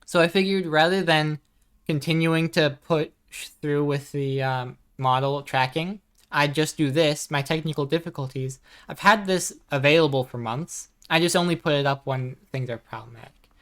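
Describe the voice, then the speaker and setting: A woman streaming a game live, chatting casually and softly, reading chat messages aloud at a desk microphone. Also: sits low, normal speed. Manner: chatty, soft-spoken, reads chat aloud.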